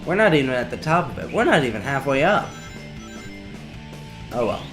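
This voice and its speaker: With game music in the background, a young man narrates his playthrough in a rambling, sarcastic let's play style, tossing off wry remarks. His medium-pitched voice is very animated and moves at normal speed.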